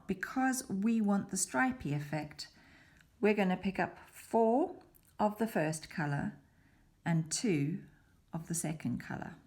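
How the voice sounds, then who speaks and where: A woman's voice: fairly low pitch, a little mellow. A woman giving a patient, methodical beading demonstration, dropping to a whisper now and then as she works. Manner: patient, methodical, slipping into a whisper while concentrating. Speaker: beading tutor. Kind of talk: step-by-step craft demonstration.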